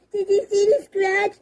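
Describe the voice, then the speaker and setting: A volatile young woman, very high-pitched. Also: heavy background noise. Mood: tearful. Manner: intense, threatening, then shaky.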